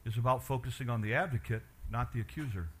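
A man preaching a sermon as pastor, animated and asking his congregation questions, dropping quiet for emphasis. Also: medium pitch, fast, husky.

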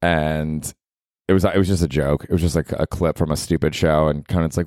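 Low-voiced young comic, loose slangy podcast riffing, dry close mic. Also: male voice, steady tone, fairly quick, darkish tone, no room sound. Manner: rambling, joking, slangy. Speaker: podcast host. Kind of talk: solo comedy podcast monologue.

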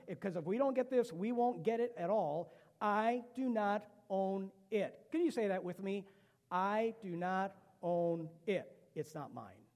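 A middle-aged male pastor preaching a sermon in a church, emphatic, with loud punches and hushed asides. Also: high-pitched. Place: church sanctuary. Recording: long hall reverb.

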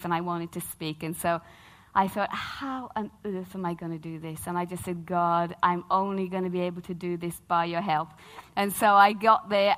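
Woman preacher, middle-aged, chatty animated storyteller. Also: fairly low pitch. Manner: animated, humorous storytelling with acted-out quotes. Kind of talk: sermon.

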